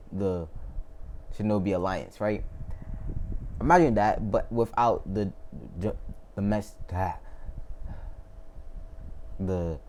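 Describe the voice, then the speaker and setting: A man's voice: fairly low pitch, a little mellow, a little hiss or hum. A man casually retelling a fan story, rambling, laughing often and correcting himself as he goes.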